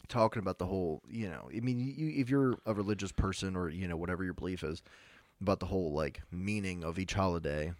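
A young man with a somewhat low voice, chatting casually as a podcast co-host. He speaks in halting, laid-back bursts full of restarts. The recording is close and dry. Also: darkish tone, no room sound. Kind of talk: casual chat.

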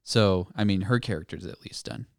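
On a spooky-themed podcast, this co-host talks at normal speed in a loose, meandering chat, hesitating and restarting now and then. He has a smooth, clear, slightly low voice. The recording is dry and close-miked, with no room sound.

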